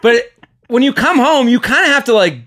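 A young man hosting a podcast, reading listener emails aloud and giving advice in an animated, joking way with frequent laughter. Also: very high-pitched, brisk. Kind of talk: casual comedic podcast chat.

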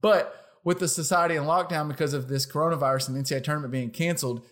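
A young man with a slightly high voice chats loosely on a podcast. He restarts his sentences as he goes and laughs easily. He sounds like a relaxed co-host talking with friends. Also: very fast. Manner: chatty, self-correcting, laughs often. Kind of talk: casual podcast chat.

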